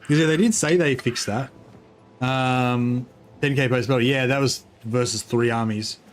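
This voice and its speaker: Guy chatting thru his game stream, rambly, lots of ums, mouth full of food, mid-pitched. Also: fairly even intonation, soft background music. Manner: rambling, halting, full of fillers, talks while eating. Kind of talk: casual gameplay commentary.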